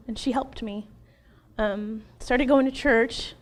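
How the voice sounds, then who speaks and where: A woman in her thirties tells her personal testimony in an interview, open and earnest. Her voice sits slightly high, and she gets animated as she talks, breaking into brief laughs along the way. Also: slow.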